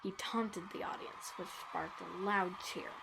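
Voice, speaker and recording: A woman narrating a dark story, moving between hushed whispers and emphatic lines. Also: medium pitch, steady tone, a little slow, gravelly, background noise.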